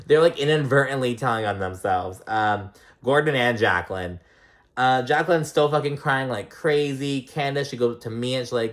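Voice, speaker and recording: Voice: medium pitch, normal speed, fairly bright tone. Rambling, foul-mouthed recap vlogger. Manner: rambling, swears often, lots of "like" and "um". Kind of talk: casual recap commentary.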